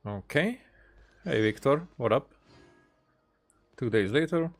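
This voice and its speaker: A man's voice: medium pitch, expressive, slow pace, soft background music. A man commentating casually over a video game, chatty and rambling. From Hungary. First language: Hungarian. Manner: chatty, rambling with fillers and restarts. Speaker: let's-play gamer.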